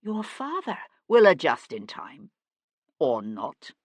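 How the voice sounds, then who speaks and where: A woman's voice: deep voice, huge pitch swings, takes it slowly, no room sound, full character voice. A woman voicing a cold, stern young nobleman who speaks in a clipped, threatening way. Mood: earnest.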